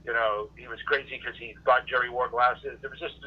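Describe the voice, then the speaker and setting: A man's voice: mid-range voice, little pitch movement, brisk. A male podcast guest in casual chat, talking hesitantly with many fillers as he recalls things. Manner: hesitant, many ums and uhs. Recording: phone-like call audio.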